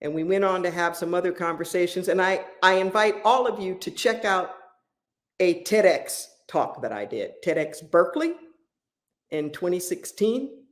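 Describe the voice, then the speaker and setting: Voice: mid-range voice, expressive, normal speed. A pastor telling a story in a sermon, impassioned and repeating key phrases for emphasis.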